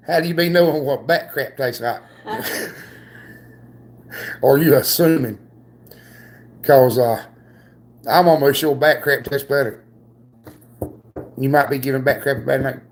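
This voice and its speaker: Man, livestream co-host, easygoing joker, mid-pitched, rambling delivery. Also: a little slow, long pauses. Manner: joking, rambling, drawling with filler "uh"s. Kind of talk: casual livestream chat.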